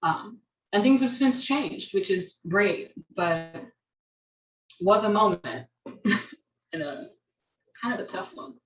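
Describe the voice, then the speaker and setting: Thoughtful American woman teacher, halting delivery, roomy video-call sound. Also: medium pitch, animated. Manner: thoughtful, restarts, laughs self-consciously. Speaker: dance teacher and panelist. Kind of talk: personal reflection on a video-call forum. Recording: roomy, distant, dull video-call audio.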